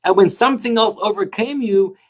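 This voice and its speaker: A man, a rabbi, teaching a Torah class, telling stories with animated rhetorical questions. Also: high-pitched, brisk.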